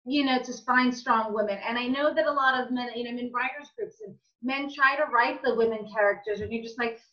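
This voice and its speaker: A woman hosts the interview with a keen, encouraging manner, often chiming in to agree. Her voice is fairly high and strikingly bright. The sound comes through dull and lo-fi. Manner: enthusiastic, quick agreeing interjections. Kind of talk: casual interview chat.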